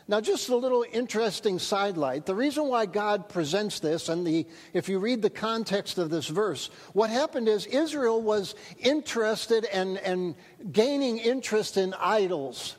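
A high-pitched male pastor delivers an earnest sermon. He stresses important phrases by slowing down. His voice rings with long reverb in a church hall. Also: expressive. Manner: earnest, emphatic preaching with slowed key phrases.

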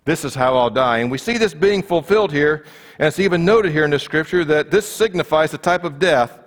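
A man's voice: a little high, fairly bright tone, in a large hall. A man preaching a conversational sermon, acting out the voices of the people in the story.

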